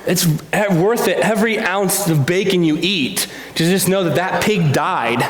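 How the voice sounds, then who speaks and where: A man delivers a heartfelt, conversational sermon with a fairly high voice. He speaks earnestly and confessionally, tripping over restarts as he goes. The sound rings through an echoey church room. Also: a little slow, a little hiss or hum. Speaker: preacher.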